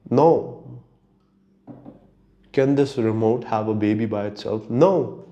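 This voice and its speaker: A man's voice: on the low side, steady tone, moderate pace, mellow, lo-fi sound. A man hosting his own podcast, talking alone in a rambling, profane, casual way and laughing at his own stories. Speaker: podcast host. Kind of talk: casual solo monologue.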